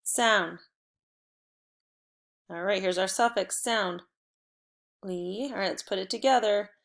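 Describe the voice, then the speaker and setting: A woman teacher runs a children's phonics drill, prompting each sound and blend with encouragement. She speaks slowly and deliberately in a bright, forward voice. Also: medium pitch, gravelly.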